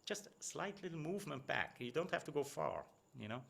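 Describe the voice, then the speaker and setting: A man's voice: fairly high pitch, very animated, brisk, gravelly, fairly bright tone. A middle-aged man giving one-on-one feedback as a presentation coach, talking conversationally with frequent tag questions and restarts.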